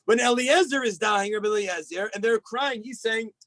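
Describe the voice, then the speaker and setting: Man, rabbi, high voice, dry close sound, video call sermon, animated storytelling. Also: normal speed, dry recording, rough recording. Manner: animated storytelling, acts out quoted rabbis with big pitch jumps. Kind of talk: Tisha B'Av sermon.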